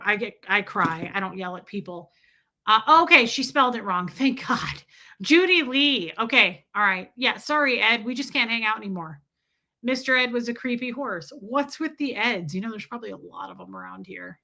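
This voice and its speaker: Woman, young adult, livestream host, bright voice, rambling and emphatic. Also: a little high. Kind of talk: casual livestream chat reading super chats.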